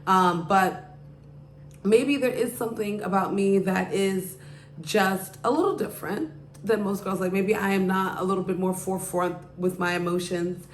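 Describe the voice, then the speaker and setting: A woman's voice: medium pitch, moderate pace, a little hiss or hum. Rambling woman podcast host, echoey room. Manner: rambling, heavy use of "like" and "you know". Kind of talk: casual storytelling.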